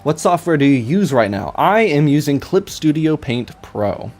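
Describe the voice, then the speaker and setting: A man's voice: a little high, sing-song, normal speed, a little mellow, faint music behind. Rambling young man streaming while drawing. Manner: rambling, self-mocking, stammers with repeated I's. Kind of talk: casual live-stream chat while drawing.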